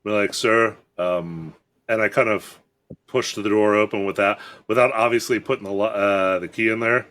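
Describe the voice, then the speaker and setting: A man's voice: lowish voice, fairly even intonation, normal speed, fairly bright tone. Man, tabletop player, casual, hesitant, fillers.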